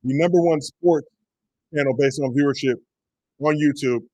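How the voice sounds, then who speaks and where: A man in his forties co-hosting a casual sports livestream, joking and giving shout-outs to the chat. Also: a little high, normal speed, no echo. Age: 40s. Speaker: co-host.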